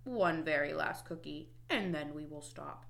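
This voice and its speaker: Woman voicing a timid male toad, children's storybook, soft hesitant voice, slow and bright. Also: low-pitched, gravelly, pitched below the performer's own voice, exaggerated voice.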